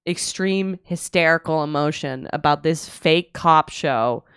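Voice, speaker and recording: A woman's voice: sits low, measured pace, smooth, dry recording, studio quality. A woman co-hosting a comedy podcast, telling a story animatedly and laughing often, acting out quotes. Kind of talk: comic storytelling. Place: apartment.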